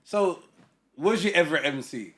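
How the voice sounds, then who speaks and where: A man hosting a podcast interview, eager and casual, with lots of quick agreement. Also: fairly high pitch, animated, fairly bright tone. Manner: eager, repetitive, lots of backchannel yeahs. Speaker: podcast host.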